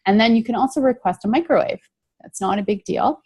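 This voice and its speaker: Speaking as an interview guest, a middle-aged woman reflectively shares how she recovered, earnest and emphatic, returning again and again to key phrases. Her voice is a little high and brisk, darkish with a breathy edge, recorded without echo.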